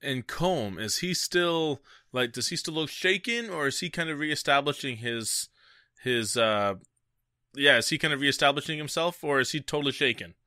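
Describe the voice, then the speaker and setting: A man's voice: mid-range voice, animated, normal speed, sharp tone, dry recording, studio quality. A man playing a tabletop game, asking the game master casual questions. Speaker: player.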